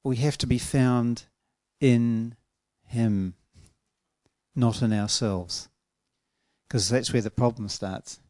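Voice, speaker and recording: A man's voice: mid-range voice, fairly even intonation, a little mellow, dry recording. Earnest male preacher, dry sound. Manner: earnest, emphatic, stretches key words slowly. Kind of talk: sermon.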